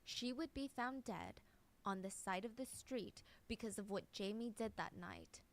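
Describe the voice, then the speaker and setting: A woman's voice: mid-range voice, a little slow. A woman telling a true crime story in a casual, chatty way and speaking to viewers directly.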